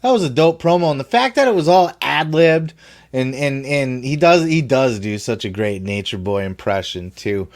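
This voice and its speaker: Man, podcast host, casual commentary, excited, mid-pitched voice. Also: normal speed. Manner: excited, swearing, loud wooing bursts.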